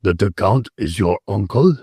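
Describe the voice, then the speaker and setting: Guy doing a big creepy old dutchman, guttural accent, slow heavy drawl, low dark voice. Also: lively intonation, husky, dry recording, studio quality. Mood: probing. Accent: strong guttural foreign accent. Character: huge ugly old Dutch man, bold, leering.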